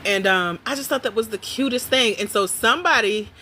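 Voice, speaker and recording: A woman hosts a casual livestream from home and talks straight to her viewers. Her voice is bright and her delivery is animated and chatty, with frequent laughs. A faint room hum sits under her voice. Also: fairly high pitch, fairly quick. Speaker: livestream host.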